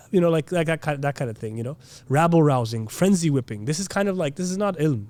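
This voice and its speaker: A man's voice: on the high side, expressive, fast, darkish tone, no room sound. A man giving a casual religious lesson, chatty and full of "you know" and "like", now and then mimicking preachers. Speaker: Islamic teacher. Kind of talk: casual classroom lecture.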